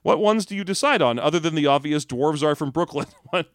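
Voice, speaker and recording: A man's voice: on the high side, animated, a little fast, no room sound, studio quality. A man co-hosting a comedy podcast, joking and laughing often as he reads listener questions. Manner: jokey, laughs often, slips into silly voices. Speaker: podcast co-host. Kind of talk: casual comedic chat.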